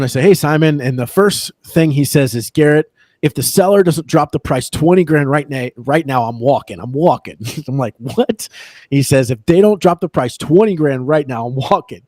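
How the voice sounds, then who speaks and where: A man, a real estate agent, telling an animated story on a podcast, acting out the other people's lines and laughing as he goes. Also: medium pitch, dry recording. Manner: animated, acts out quoted dialogue, laughs between lines. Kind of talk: casual storytelling.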